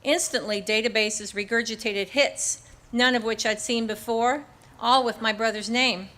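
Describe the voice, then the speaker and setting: An older woman giving a keynote speech at an outdoor memorial ceremony in a park. She speaks earnestly and in a measured way, reading parts from her book with a few small restarts. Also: a little high, fairly even intonation, sharp tone. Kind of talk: public speech partly read from her book.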